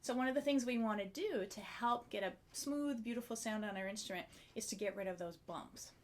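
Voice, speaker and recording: A woman's voice: mid-range voice, fairly quick. A woman teaching a clarinet video lesson, explaining a breathing technique in a friendly, step-by-step way and demonstrating as she goes.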